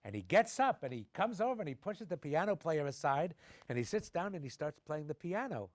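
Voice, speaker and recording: A middle-aged man, an actor being interviewed, telling animated stories and acting out the people in them. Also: on the high side, fairly quick, no echo. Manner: animated anecdotes, acting out quoted voices. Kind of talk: conversational storytelling. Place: television studio.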